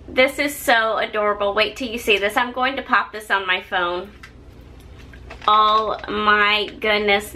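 A woman's voice: a little high, bright, forceful tone, a little hiss or hum, rough recording. A woman vlogger casually opening fan mail on camera, gushing and effusive over each gift. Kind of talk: casual haul vlog.

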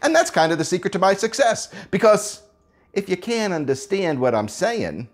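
A man in his sixties telling stories in a casual interview, now and then bursting into rapid-fire tongue-twisters. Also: sits high, big pitch swings. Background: background music.

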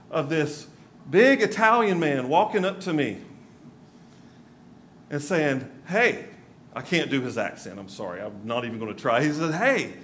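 A man's voice: a little high, a bit bright, a little hiss or hum. Pastor preaching to his congregation. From North Carolina. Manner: conversational preaching with asides to the congregation. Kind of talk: sermon. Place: church sanctuary.

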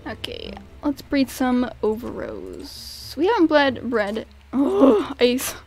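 A woman hosting her gaming channel, chatting casually through gameplay commentary with frequent laughs and excited outbursts. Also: high voice, slow pace, creaky, soft background music.

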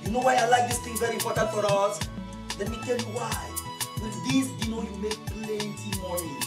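A woman plays a boastful club boss who speaks in clipped, broken English, fishing for agreement. The voice sits a bit high. It is heard from a distance in a reverberant space, with loud music playing underneath. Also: steady tone, fairly quick, lightly acted. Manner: broken English, repeats "eh?" and "no problem". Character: boastful wheeling-dealing club owner, foreign-sounding. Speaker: club owner.

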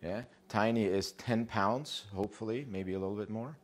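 A man with a very low voice gives a lecture on dog behavior. He talks loosely and animatedly, slips into quick voices for what the dogs are thinking, and checks in with his listeners with a steady "yeah?" and "you know.". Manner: animated, acts out dogs' thoughts in quick voices, swears casually. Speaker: dog trainer.

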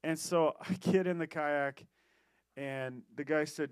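A pastor preaching a sermon, telling a personal story in a lively, animated way with quick restarts. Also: male voice, on the high side, smooth, no room sound.

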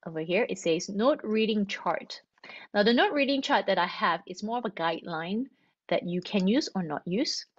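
A woman's voice: medium pitch, lively intonation, moderate pace, no room sound. A woman teaches note reading in a chatty, step-by-step way. She often poses a question and then answers it herself. The recording sounds dull and dry. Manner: chatty, explains step by step, asks and answers her own questions. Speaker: string teacher. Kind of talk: instructional explanation.

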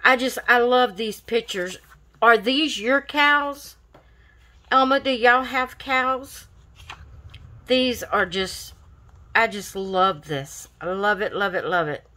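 A woman, gushing and excited as she opens craft mail in a casual vlog. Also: a little high, slow pace. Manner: gushing, excited, repeats thanks. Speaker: craft vlogger.

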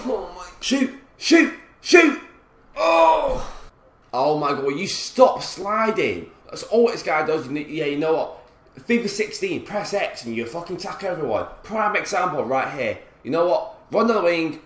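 A man commentating his own football video game play, frustrated and swearing, with sudden loud outbursts. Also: a little high. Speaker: gaming commentator. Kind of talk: gameplay commentary. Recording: roomy echo.

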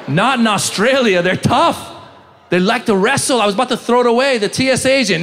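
A man's voice: very high voice, fairly quick, a bit bright, slight background noise. A middle-aged man doing a stand-up comedy set on a club stage, quizzing the crowd and acting out characters. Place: comedy club stage before a live audience.

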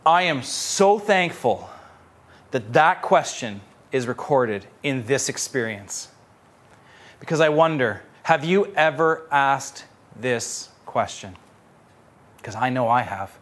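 A young adult male pastor preaching a sermon with animated storytelling, repeating phrases for emphasis. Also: on the high side.

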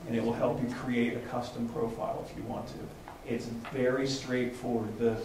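A man's voice: mid-range voice, little pitch movement, moderate pace. A man presents to a small group at a meetup, talking loosely and checking in with "right?" as he goes. He is picked up from a distance in a very echoey room. A faint hum of ambience sits beneath him. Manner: loose, conversational, with frequent restarts and "right?" checks. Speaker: presenter at a tech meetup lab.

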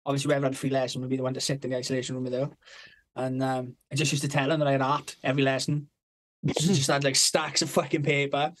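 A man's voice: mid-range voice, level tone, fast. Laughing young man telling stories. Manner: swears freely, laughs through his own stories. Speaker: podcast co-host. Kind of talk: casual storytelling chat.

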